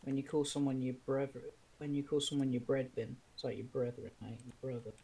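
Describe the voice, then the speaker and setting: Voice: medium pitch, flat delivery, fairly quick, dark tone, a little hiss or hum. A gamer chatting casually with friends while playing, sweary, joking and rambling. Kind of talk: casual gaming chat.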